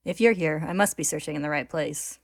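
Cool, sly male villain, as a woman narrator reads him, low, even and quietly smug. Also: brisk, vocal fry.

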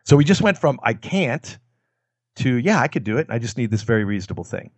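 A man's voice: very animated, brisk, slightly rough, no echo, muffled recording. A man explaining communication techniques in a conversational talk, acting out short quoted lines as examples. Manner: demonstrates lines with acted quotes and lowered voice. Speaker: guest expert on persuasion.

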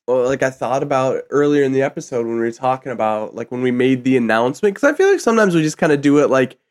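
A man's voice: mid-range voice, animated, quick pace. A man co-hosting a podcast, talking casually and rambling with lots of fillers. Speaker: podcast co-host. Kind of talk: casual chat.

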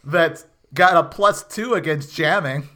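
A podcast co-host giving playful, animated commentary and quick jokes in casual chat. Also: medium pitch.

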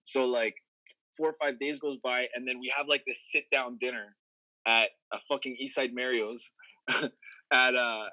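A man's voice: medium pitch, steady tone, normal speed, sharp tone, rough recording. A man telling a long personal story in casual chat, rambling with plenty of fillers and swearing. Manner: rambling, profane, lots of fillers.

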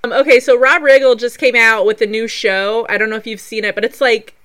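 Bright, smooth-voiced woman host. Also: on the high side, steady tone, brisk. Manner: chatty, laughs often, frequent fillers. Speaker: podcast host. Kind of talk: casual chat.

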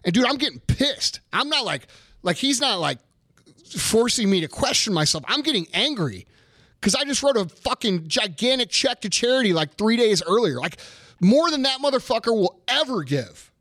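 A man's voice: very high voice, big pitch swings, normal speed, fairly bright tone, no room sound, studio quality. A man in his thirties ranting in casual chat, swearing heavily and talking with heat. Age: 30s. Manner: profane, heated ranting.

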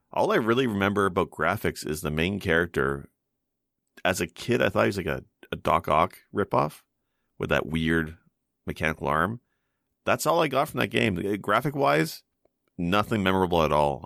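Very deep, gravelly-voiced man. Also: very animated, normal speed, fairly bright tone, no room sound, studio quality. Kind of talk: casual roundtable chat.

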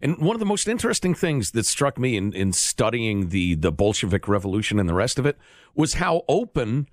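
A man's voice: lowish voice, very animated, fairly quick, dry recording, clean studio sound. A man co-hosting a talk radio show, speaking in a sardonic, emphatic way. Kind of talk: casual talk radio banter.

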